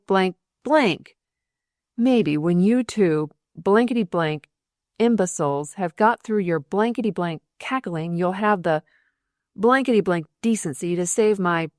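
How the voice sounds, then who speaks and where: A woman's voice: medium pitch, no room sound, studio quality, close to an everyday voice. A woman voicing a heavy, irritable older male surgeon in an audiobook, grumbling and sputtering indignantly.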